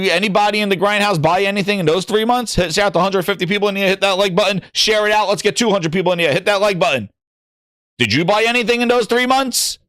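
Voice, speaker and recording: A man's voice: sits high, a bit bright, no room sound, studio quality. A man hosting a gaming livestream, talking casually, reading chat aloud and joking in mocking voices.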